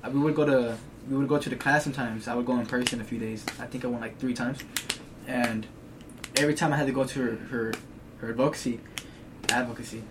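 A man's voice: mid-range voice, steady tone, fast talker. A teenage man in casual chat, telling rambling stories in heavy slang. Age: teens. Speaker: co-host. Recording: distant mic with background hiss.

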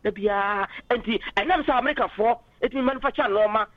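A man's voice: high-pitched, fast, no echo. A man calling in to a political radio talk show, arguing passionately and switching into English phrases, heard over a dull phone line. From Ghana.

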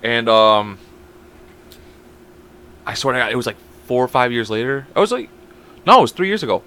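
Young dude on a podcast swearing thru a story, bright edgy voice. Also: male voice, medium pitch, sing-song, moderate pace. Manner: swearing storyteller, quotes people in raised voices. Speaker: podcast co-host. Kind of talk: casual chat.

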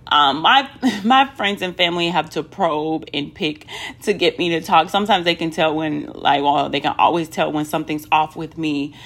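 A woman's voice: low voice, moderate pace, fairly bright tone. A woman talking candidly to viewers in a casual personal vlog, chatty, with many ums and asides to "y'all". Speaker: vlogger.

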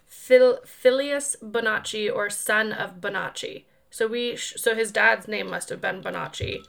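A woman co-hosting a podcast in casual chat, playful and goofy, quick to joke. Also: medium pitch, creaky, fairly bright tone. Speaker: podcast co-host.

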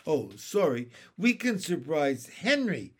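A man reading the part of an eager little boy, the youngest of the children, who speaks excitedly. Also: on the high side, takes it slowly, husky, heavily acted.

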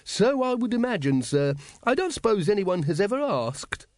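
In an audiobook, a man voices a nervous, fawning male city secretary who answers with precise deference, repeatedly saying "my lord." He pitches the character above his own voice, high and very animated, at normal speed with a darkish tone. The sound is clean studio quality with no echo.

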